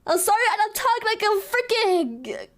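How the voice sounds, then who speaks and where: High-voiced German streamer woman, laughing and swearing. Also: moderate pace. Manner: profane, laughing, animated ranting. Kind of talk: casual stream chat.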